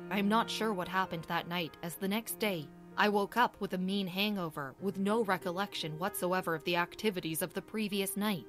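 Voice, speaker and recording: A woman's voice: mid-range voice, fairly bright tone, close to an everyday voice. Woman reading a guilty, pleading young husband. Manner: pleading, worried explaining. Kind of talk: audiobook character voice.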